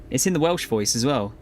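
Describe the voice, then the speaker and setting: A man chatting casually to viewers during a live game stream, rambling and laid-back with frequent swearing and laughter. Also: on the high side. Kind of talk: casual live-stream chat while gaming.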